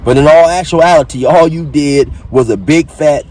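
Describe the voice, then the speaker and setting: A man's voice: a little high, moderate pace, a little mellow, a little hiss or hum. A man hosting his own channel, recapping and mocking a clip in blunt, profane casual commentary.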